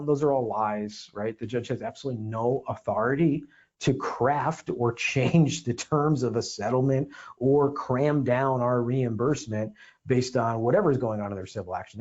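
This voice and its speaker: A man's voice: medium pitch, fairly quick, a little mellow, muffled recording. A man hosting a legal explainer podcast, talking emphatically with sarcastic asides. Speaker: podcast host and defense attorney.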